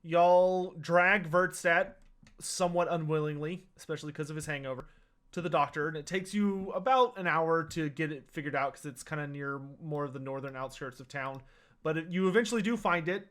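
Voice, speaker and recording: A man's voice: a little high, a bit bright. A man narrating as game master of a tabletop role-playing game, in a loose, rambling way with many fillers.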